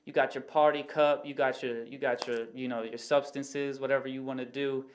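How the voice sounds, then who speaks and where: A man chatting on a podcast in a level, even tone with little rise and fall, his pitch sitting right in the middle. He rambles earnestly, working through everyday analogies and peppering his talk with little "you know" asides. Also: normal speed, slight background noise. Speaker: podcast guest. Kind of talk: casual reflective conversation.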